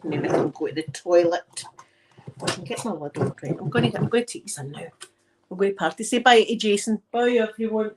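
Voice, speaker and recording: A woman's voice: mid-range voice, a little fast, background noise. A middle-aged woman with a Glaswegian Scottish accent, chatting playfully to her viewers in a casual vlog and laughing at her own jokes. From Scotland. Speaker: vlogger.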